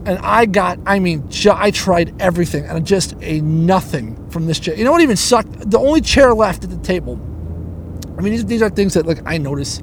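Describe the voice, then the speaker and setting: High-voiced man ranting profanely in a car. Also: expressive, moderate pace, a little hiss or hum. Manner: swears constantly, rants, restarts and digresses. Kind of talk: rambling profane storytelling. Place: inside a car stuck in traffic. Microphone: handheld recorder.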